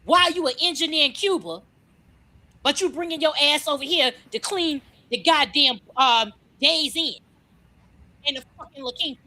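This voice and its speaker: Woman on a heated profane rant; high, sharp voice, relentless rhetorical questions. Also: moderate pace. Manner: furious, profane, rhetorical questions, repeats herself.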